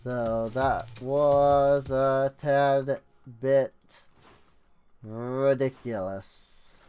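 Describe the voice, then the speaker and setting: A man's voice: mid-range voice, fairly even intonation, drawn-out words, darkish tone, clear, resonant tone. A man streaming a game, musing and wry as he talks through his play with frequent fillers. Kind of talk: game commentary.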